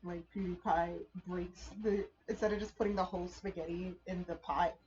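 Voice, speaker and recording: A woman's voice: fairly low pitch, fairly even intonation, moderate pace, darkish tone, slight background noise. A woman hosting a casual chat stream, chatty and freely swearing. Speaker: streamer host. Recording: dull lo-fi stream audio with faint music.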